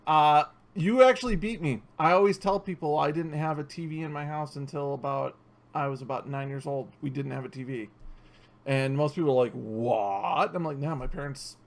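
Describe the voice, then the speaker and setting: A man's voice: on the high side, steady tone, fairly quick. Blunt, teasing man hosting a podcast. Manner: blunt, swears freely, teasing. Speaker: podcast host. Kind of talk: casual chat.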